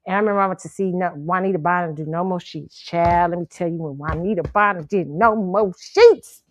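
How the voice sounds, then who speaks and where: A woman's voice: lowish voice, brisk, hardly any pauses, no room sound. A woman hosting her own show, telling a story in a casual, profane way and laughing often. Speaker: show host.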